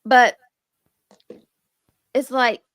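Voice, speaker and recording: A woman's voice: a little high, level tone, very slow, a bit bright, clear, resonant tone, dry recording. A young woman streamer chatting casually and rambling, with restarts and a speech impediment. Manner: rambling, restarts, talks about being nervous and defensive. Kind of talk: casual chat.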